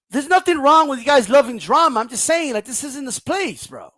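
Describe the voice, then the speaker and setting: Profane high-voiced man ranting on a stream. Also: big pitch swings, a little fast, hardly any pauses, pushed and bright, dry recording. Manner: profane, blunt, ranting, reads viewer comments aloud. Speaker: boxing livestream host. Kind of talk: casual livestream rant.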